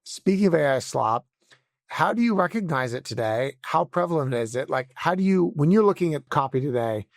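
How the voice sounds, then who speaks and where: Male co-host, gravelly, curious questioner, dry mic. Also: fairly high pitch, animated, fairly quick, no room sound. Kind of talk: casual podcast hosting.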